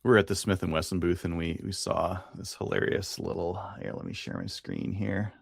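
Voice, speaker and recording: Man, very deep voice, gravelly, casual podcast chat, rambling, dry close sound. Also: brisk, no echo. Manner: relaxed, rambling with fillers and restarts. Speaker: podcast co-host.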